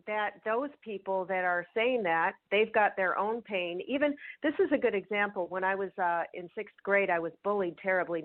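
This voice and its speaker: Chatty woman host on a tinny line. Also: mid-range voice. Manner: chatty, warm storyteller with many fillers and restarts. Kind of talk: casual chat, personal storytelling.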